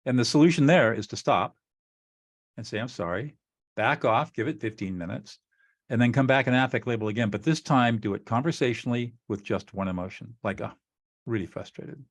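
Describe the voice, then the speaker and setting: A man's voice: medium pitch, fairly quick. A man co-hosting a talk on relationships, explaining a technique in an earnest, methodical way and acting out sample dialogue. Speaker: co-host teaching relationship skills.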